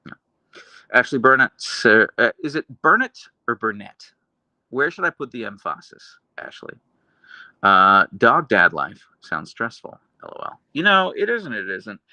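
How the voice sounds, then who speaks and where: A man hosting a live stream, reading chat messages aloud in a dry, deadpan, casual way. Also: medium pitch, measured pace, no room sound. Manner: chatty, earnest, with restarts and laughs. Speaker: livestream host reading chat.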